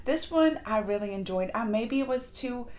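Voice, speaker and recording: A woman reviewing a movie in a casual vlog, gushing and excitable, with lots of fillers and restarts. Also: on the high side. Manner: acts out lines in quick put-on voices. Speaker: movie reaction vlogger. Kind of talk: casual chat.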